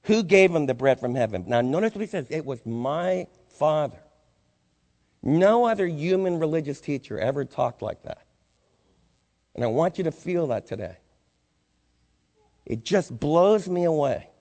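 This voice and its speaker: A man's voice: a little high, animated, unhurried, pauses often, a little mellow. Preaching man in a reverberant hall. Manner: preaching with rising intensity, rhetorical questions to the congregation. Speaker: pastor. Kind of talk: sermon. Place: church sanctuary. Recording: long reverb in a church hall.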